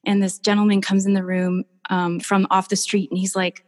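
A woman artist telling warm, gushing stories in a casual podcast chat, with many restarts. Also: fairly low pitch, level tone, normal speed. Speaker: painter, podcast guest. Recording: long hall reverb.

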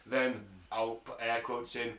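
A man's voice: medium pitch, little pitch movement, a little slow, fairly bright tone. A man co-hosting a casual podcast, laughing often and swearing freely while reading out news stories. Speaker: podcast co-host. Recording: roomy echo.

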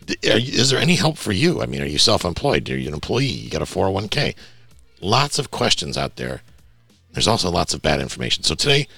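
Man, podcast host, gravelly, lively swings, blunt emphatic rant. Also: low voice, dry recording. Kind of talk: casual podcast monologue.

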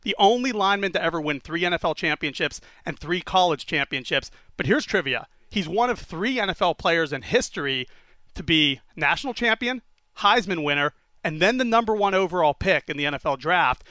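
Male radio co-host, informative trivia delivery, slightly high, bright, dry. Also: lively intonation, brisk, dry recording. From Pittsburgh area. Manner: informative, quizzing. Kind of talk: trivia talk on air.

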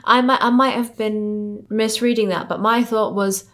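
A woman's voice: a little high, steady tone, moderate pace, fairly bright tone. A woman co-hosting a podcast, chatting casually about a TV episode and musing aloud, often trailing off and laughing. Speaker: podcast co-host. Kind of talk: casual chat reviewing a TV episode.

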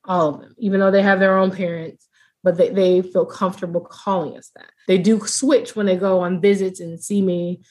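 Her fairly low voice is steady and slightly mellow, delivered at a normal pace. As a guest in a casual podcast interview, this foster mother speaks from the heart about her experiences, earnest and frequently starting sentences over.

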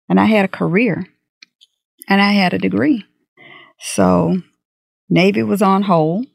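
Middle-aged woman telling her life story in an interview, bit of a gravelly voice, dry close mic. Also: on the low side, no echo. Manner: candid, animated retelling with acted-out dialogue. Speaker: guest.

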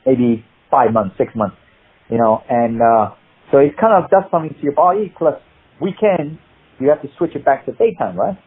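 A man in an interview, an animated storyteller who rambles through anecdotes over a tinny phone-like line. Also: medium pitch, normal speed, slightly rough. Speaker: guest, martial arts actor.

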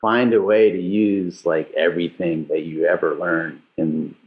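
A man's voice: sits low, measured pace. Man telling stories over a roomy, dull line. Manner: rambling, self-correcting, animated when retelling. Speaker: guest, former late-night writer. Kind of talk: casual podcast storytelling. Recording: roomy, slightly dull remote audio.

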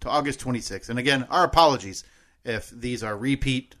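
A man's voice: medium pitch, brisk, bright, forceful tone. A man co-hosting a podcast in casual chat, earnest and self-deprecating. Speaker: podcast co-host.

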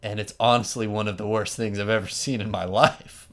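A man hosting a podcast, telling a story in an animated, wry, casual way and laughing often. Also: on the low side, fairly quick. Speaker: podcast host.

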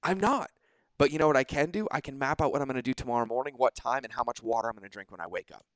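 A man's voice: mid-range voice, racing, fairly bright tone, no room sound. A man hosting a podcast in casual conversation, talking emphatically and swearing casually. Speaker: podcast host.

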